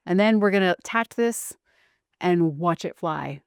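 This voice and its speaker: A woman's voice: medium pitch, animated, moderate pace, clean tone, no room sound. A woman hosting a casual craft vlog, talking in a playful, self-mocking way. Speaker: channel host.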